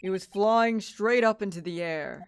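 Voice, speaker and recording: A woman's voice: medium pitch, measured pace, a little hiss or hum, lightly acted. A woman voicing an earnest young male acrobat in a put-on German accent that drifts toward French, while reading a visual novel on stream. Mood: solemn. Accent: attempted German accent.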